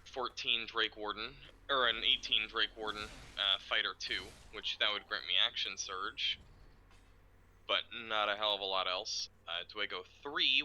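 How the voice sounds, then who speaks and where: A man streaming a game, explaining plans in a rambling, profane, excitable way. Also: fairly low pitch, rough recording. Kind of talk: casual chat while gaming.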